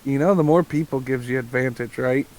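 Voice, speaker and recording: A man's voice: medium pitch, brisk, darkish tone. A man raised in Kentucky playing a tabletop game, easygoing and matter-of-fact. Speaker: player. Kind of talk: casual tabletop chat.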